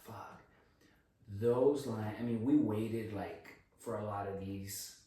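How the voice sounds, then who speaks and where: A man's voice: on the low side, takes it slowly, dark tone. A man co-hosting a casual podcast chat, easygoing and rambling, laughing often. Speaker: podcast co-host. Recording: echoey room, distant mic, faint noise.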